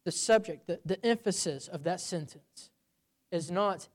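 A man preaches a sermon in an animated, unhurried way, telling a personal story that builds to loud, emphatic peaks before falling low and quiet.

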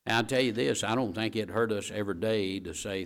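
A man's voice: fairly low pitch, a little fast, clean tone. Emphatic male preacher, repeating key phrases. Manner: talks straight to the congregation with asides like "all right?". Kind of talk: sermon.

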